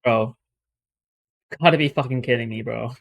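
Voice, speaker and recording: A man's voice: mid-range voice, normal speed, vocal fry. A man chatting casually on a stream, reacting incredulously with lots of swearing. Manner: incredulous, profane, laughing asides.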